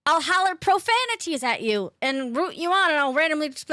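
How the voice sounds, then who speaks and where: High-pitched, bright and pushed, this woman's voice is expressive and a little fast on a dry recording. She streams a game from her room, chatting loosely with viewers, calling them by name, laughing often and swearing casually.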